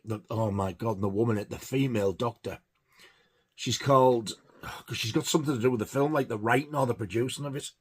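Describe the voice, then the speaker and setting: A man's voice: medium pitch, husky. A man giving a casual, rambling film review, hesitant with many fillers. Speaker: film collector reviewing horror films.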